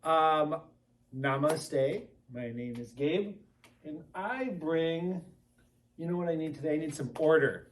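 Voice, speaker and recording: A man co-hosting a children's Sunday school class, relaxed and agreeable, pausing on fillers when he explains. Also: a little high, far from the mic. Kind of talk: casual class talk.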